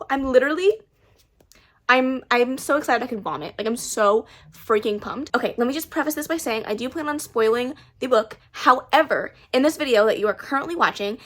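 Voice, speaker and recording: A young woman book vlogger talking casually at home into a camera mic, gushing with breathless excitement. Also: fairly high pitch, fairly quick.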